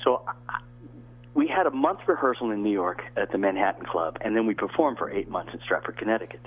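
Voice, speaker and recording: A man's voice: lowish voice, expressive, fairly quick, breathy edge. An older man from the American South, an actor guest telling rambling anecdotes with many restarts over a phone-like line. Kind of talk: casual interview storytelling.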